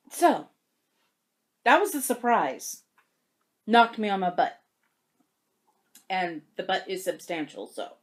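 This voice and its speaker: Lively woman telling a stitching story. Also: mid-range voice, slow pace, long pauses. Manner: animated storytelling, emotional and tearful at times. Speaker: cross-stitch vlogger. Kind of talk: casual chat to camera.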